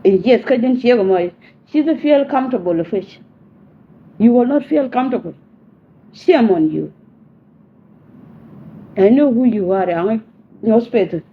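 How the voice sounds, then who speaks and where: A woman's voice: a little high, animated, measured pace, long pauses. Pleading woman, tinny phone audio. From South Sudan. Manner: pleading, repeats herself insistently. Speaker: message sender. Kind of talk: personal spoken message. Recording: tinny phone-line audio, faint hiss.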